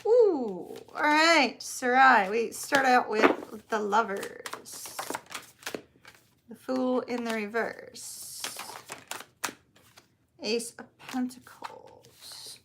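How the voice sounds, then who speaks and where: A chatty middle-aged woman with a Southern US twang hosts a live-stream tarot reading. Her voice sits a bit high, and her talk is bubbly and repetitive, with slow, stretched phrases. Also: lively intonation, noisy background. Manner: chatty, bubbly, drawn-out words. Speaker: tarot reader.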